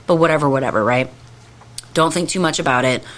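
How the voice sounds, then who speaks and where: A woman's voice: low voice, fast talker. A woman co-hosting a podcast, telling a story in casual chat with constant swearing and exasperated venting, acting out her own past lines. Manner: profane, exasperated ranting. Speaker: podcast co-host.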